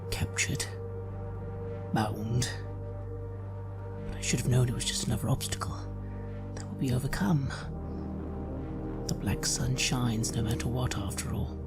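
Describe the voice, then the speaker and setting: A man speaks in a whispered role-play, slow and menacing. His voice is gravelly with heavy fry, and his delivery drags at a very unhurried pace. Clear music plays behind him. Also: medium pitch. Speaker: player.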